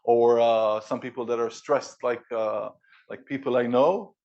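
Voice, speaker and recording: Presenting live to his co-workers before an audience in an office event room, an energetic man uses a mid-range voice and demonstrative delivery, pausing to emphasize points. The high frequencies are cut off.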